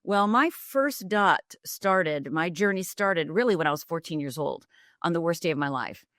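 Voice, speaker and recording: A woman's voice: fairly low pitch, expressive, moderate pace, a bit bright, no room sound, studio quality. A middle-aged woman from Upper Michigan, a life coach and guest, telling her story candidly and vividly, acting out the lines of the people in it. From Upper Michigan, USA. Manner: vivid, dramatic retelling with acted-out quotes.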